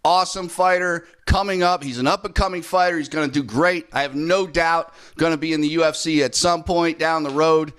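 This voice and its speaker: A man's voice: a little high, fairly even intonation, brisk, few pauses, fairly bright tone, clean tone. A man hosting a casual interview, talking in a rambling way with lots of fillers. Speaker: podcast host. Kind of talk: casual chat.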